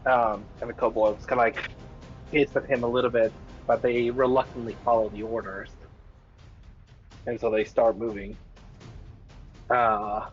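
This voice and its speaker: A man's voice: mid-range voice, level tone, unhurried, long pauses. A man running a tabletop game as game master, narrating in a rambling way full of filler words, in a dull lo-fi recording with faint music.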